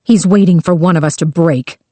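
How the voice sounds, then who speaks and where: A woman's voice: lowish voice, a little fast, dry recording, natural voice. A woman reading a desperate, hostile captive woman who snarls and screams curses. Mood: snarling. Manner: snarling, barking, shouting profanity.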